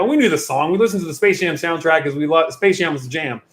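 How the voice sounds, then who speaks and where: Hosting a casual Q&A livestream for youth, a pastor talks at a quick pace in a slightly high, somewhat bright voice. He rambles in a chatty way and regularly stops himself mid-sentence, heard through a computer or phone mic in an echoey space.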